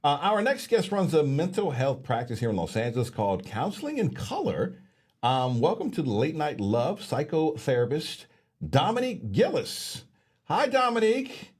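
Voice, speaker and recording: A man's voice: fairly high pitch, sing-song, moderate pace, darkish tone, husky. A man co-hosting a late-night talk show in a loose, rambling, casual way. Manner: loose, rambling, repeats himself.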